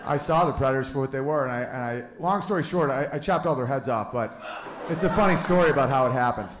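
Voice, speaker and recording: A man's voice: medium pitch, fast talker, noisy background. A man in his thirties doing stand-up comedy, crude and brash as he tells a story. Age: 30s. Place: live comedy venue. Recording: echoey live room, crowd laughter.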